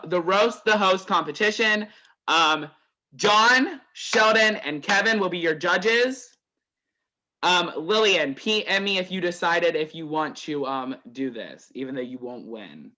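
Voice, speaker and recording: Male host, online game night: sharp bright tone, slightly higher pitch, casual, laughs easily. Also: unhurried, muffled recording. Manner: loose, chatty, laughs between announcements. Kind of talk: hosting over group voice chat.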